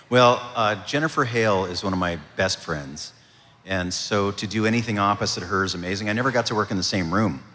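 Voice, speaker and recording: A man, a voice actor, answering audience questions at a convention panel in a relaxed, storytelling way. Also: low voice, a little slow, vocal fry. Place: convention hall. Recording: reverberant convention hall.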